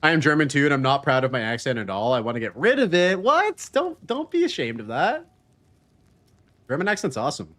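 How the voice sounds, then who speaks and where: A man's voice: a little high, big pitch swings, brisk, a bit bright. A man streaming a video game, chatting casually, joking and laughing often as he reads chat messages aloud.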